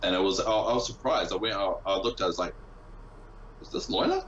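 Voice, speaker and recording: Deep-voiced sarcastic man in a roomy mic. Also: quick pace, a bit bright, slight background noise. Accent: non-local accent, origin unstated. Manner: sarcastic, self-deprecating. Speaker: guest streamer. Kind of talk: casual podcast interview. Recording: roomy, dull lo-fi sound with faint ambience.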